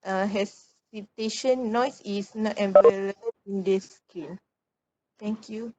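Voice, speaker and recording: A woman's voice: medium pitch, fairly even intonation, takes it slowly, dark tone, dull audio. Hesitant woman giving a class presentation. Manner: hesitant, many filler sounds and restarts. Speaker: student presenter.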